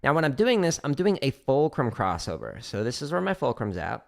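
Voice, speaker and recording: A man's voice: medium pitch, fairly quick, vocal fry, background noise. Man teaching drums on a livestream. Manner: relaxed instructional talk with fillers. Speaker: drum teacher. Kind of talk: livestream drum lesson. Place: home practice room. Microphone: studio microphone near drum setup.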